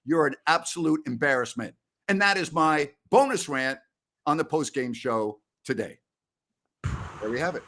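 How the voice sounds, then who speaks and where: A middle-aged man hosts a post-game show in a slightly high voice. He talks bluntly and scornfully, launching into rants at his audience. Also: animated, normal speed, sharp tone. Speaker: sports show host. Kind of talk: live-stream post-game show talk.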